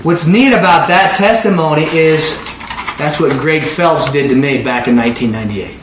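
A man preaching and telling stories, animated, often repeating words and acting out the people he describes. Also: on the high side, moderate pace, echoey room, background noise. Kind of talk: storytelling sermon.

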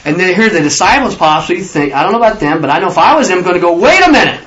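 A man's voice: sits high, very fast, fairly bright tone, muffled recording. A man leading an informal Bible study, rambling through his points and acting out the figures he quotes. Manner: rambling, acts out scripture figures.

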